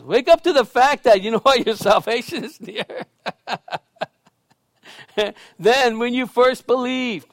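A pastor preaches a sermon in a high, lively voice, recorded close and dry with no echo. He swings between loud, emphatic lines and quiet, chatty asides, telling stories casually and laughing along the way.

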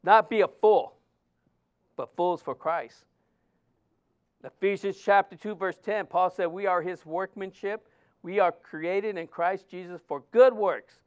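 High, smooth-voiced male pastor preaching. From Mexican heritage. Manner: animated, acts out quoted voices in stories. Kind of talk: sermon with personal storytelling.

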